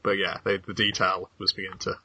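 Bright, husky-voiced man chatting. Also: deep voice, monotone, fast talker, no room sound. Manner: informative, reads out credits with wry asides. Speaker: podcast host. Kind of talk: casual chat reviewing anime. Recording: dull lo-fi dry sound.

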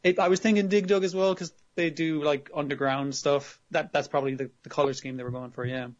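A man's voice: a little high, steady tone, a little fast. A man co-hosting a casual podcast, retelling scenes with acted-out quotes and some swearing. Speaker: podcast co-host reviewing anime. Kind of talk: casual chat. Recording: dull lo-fi audio.

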